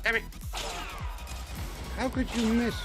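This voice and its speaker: A man hosting a gaming stream, chatting casually and reacting with quick exclamations while he plays. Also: very high-pitched, little pitch movement, over loud music.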